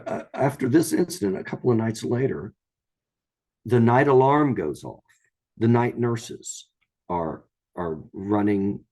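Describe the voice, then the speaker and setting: Low, dark-voiced man telling a story. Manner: rambling, repeats words and restarts, acts out quoted voices. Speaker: storyteller guest. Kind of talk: casual storytelling.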